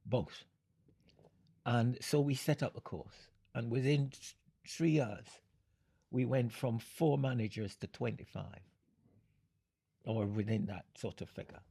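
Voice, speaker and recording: An older man from Jamaica, speaking in an interview, unhurried and fond of analogies, often breaking into laughter. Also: medium pitch, creaky, warm tone, slightly rough. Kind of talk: reflective storytelling.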